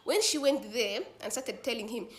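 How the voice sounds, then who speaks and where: A woman's voice: a little high, moderate pace. A woman telling a story in a casual, slangy way, acting out the dialogue as she goes. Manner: slangy, animated retelling with quoted dialogue.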